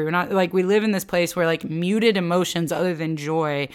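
A woman with a lowish voice teaches the Bible in a relaxed podcast chat. She talks loosely and fills her speech with "like". She animates her points by acting out voices when she quotes. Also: moderate pace, clear, resonant tone. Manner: chatty, with many filler "like"s.

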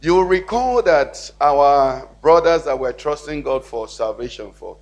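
A man's voice: on the high side, animated, measured pace. A male pastor preaching a sermon in church, often checking in with the congregation. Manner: preaching with call-and-response questions to the congregation.

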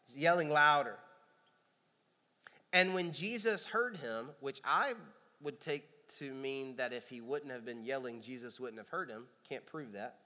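A pastor with a Kentucky accent preaching a sermon in a conversational way, with loud emphatic bursts. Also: male voice, medium pitch, a little slow. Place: large church sanctuary. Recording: long hall reverb.

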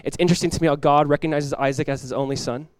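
A male pastor delivers an animated sermon, moving between fast asides and acted-out voices from the story. His voice sits a little high for a man. The sound is dry and close, with little room around it. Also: clear, resonant tone, dry recording. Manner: animated preaching, acts out quoted voices, laughs. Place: church.

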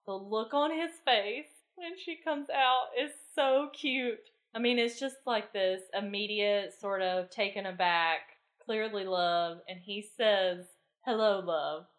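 A woman's voice: medium pitch, slow, hardly any pauses, a bit bright. A woman co-hosting a podcast, chatting casually and eagerly recapping a TV episode. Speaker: podcast co-host.

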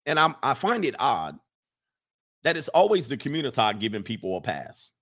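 A man's voice: mid-range voice, huge pitch swings, normal speed, fairly bright tone. A man hosting a casual livestream, reading chat comments and giving emphatic opinions, often repeating phrases for effect.

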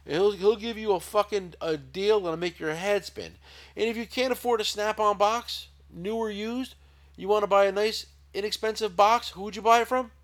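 A middle-aged man who owns a tool shop hosts a casual podcast chat, rambling, swearing and repeating many words. His voice sits high, with fairly even intonation and a normal speed.

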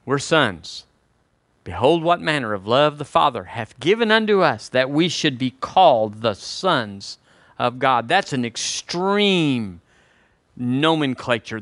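A man's voice: on the high side, sharp tone, no echo, clean studio sound. An older man, preaching a sermon to his congregation in a folksy, conversational way. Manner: folksy, conversational preaching with y'all and homespun examples. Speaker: pastor.

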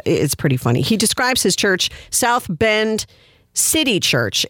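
A man's voice: high-pitched, dry recording, studio quality. A man giving mocking, incredulous commentary on a song and reading its lyrics aloud. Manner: mocking, incredulous, laughing asides.

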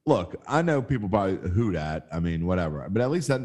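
A man's voice: lowish voice, big pitch swings, quick pace, a little mellow. A man co-hosting a casual sports betting podcast, wry and teasing, laughing often.

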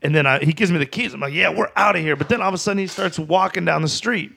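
A man telling a wild story on a podcast, swearing freely and acting out his own lines loudly. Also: on the high side, racing, gravelly. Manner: profane, animated, acts out quotes loudly. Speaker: guest comedian. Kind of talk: casual storytelling.

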